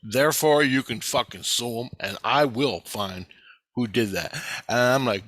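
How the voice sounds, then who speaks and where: A vlogger recounts his experiences in a long, wandering first-person tale, cursing a lot and getting more worked up as it goes on. His mid-range voice is bright and forceful yet unhurried, and he voices the people he quotes without altering his own tone. The recording is close and dry, with no room sound.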